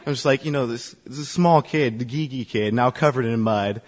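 A man's voice: mid-range voice, moderate pace. Chatty man telling a story in a hall. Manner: chatty, self-deprecating, full of "you know" fillers. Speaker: church youth ministry staff. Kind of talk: personal storytelling talk to a congregation. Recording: echoey hall, dull sound.

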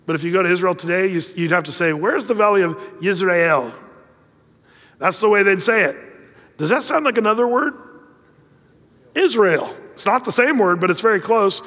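A man's voice: sits high, expressive, brisk, a bit bright, long reverb tail. A middle-aged man preaching a sermon, telling a story in a conversational way and adding joking asides. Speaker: pastor.

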